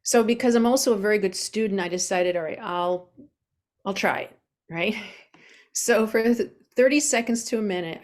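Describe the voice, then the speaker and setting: Earnest woman telling her own story. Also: medium pitch. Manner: open, earnest, with frequent fillers. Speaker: interview guest, coach. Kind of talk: candid personal storytelling in a podcast interview.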